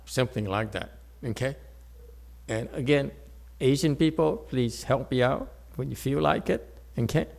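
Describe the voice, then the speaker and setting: In a meditation center hall, a man teaching Chan meditation jokes playfully through a dharma talk and frequently checks in with the audience. He speaks unhurriedly in a mid-range, creaky voice with a darkish tone.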